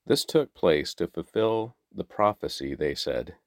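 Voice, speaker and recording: A man reading the daily Bible passages aloud in a measured, steady way. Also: deep voice, no room sound, clean studio sound. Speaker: Bible reader.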